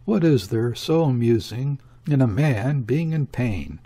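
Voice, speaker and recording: A man's voice: mid-range voice, expressive, warm tone, slightly rough. A man reading as a fretful old father. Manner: urgent, fretful, talks in rushes. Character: fussy older man, worried anxious father.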